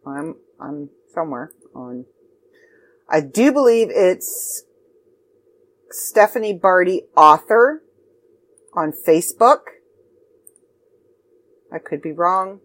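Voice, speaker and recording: A woman's voice: lowish voice, expressive, slow pace, long pauses. A woman hosting a podcast, chatting casually and rambling a little as she signs off, her throat getting dry. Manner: rambling, self-deprecating, chatty. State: throat drying out. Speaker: podcast host.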